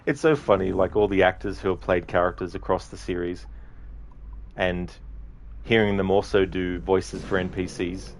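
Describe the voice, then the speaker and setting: A man with a very low voice talks through a game in a loose, rambling commentary. He laughs often and swears offhandedly as he muses. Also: moderate pace, slight background noise. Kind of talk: casual gameplay commentary.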